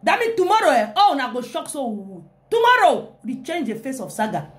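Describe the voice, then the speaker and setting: A young woman, hyping her comic live video in an animated way with frequent exclamations. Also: sits high, normal speed. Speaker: live-stream comedian.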